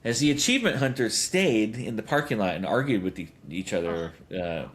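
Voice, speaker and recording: Man in his 30s, podcast host, lowish voice, meandering anecdotes with lots of ums and laughs. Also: animated, fairly quick, a bit bright. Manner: rambling storytelling with many fillers and chuckles. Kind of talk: casual podcast chat.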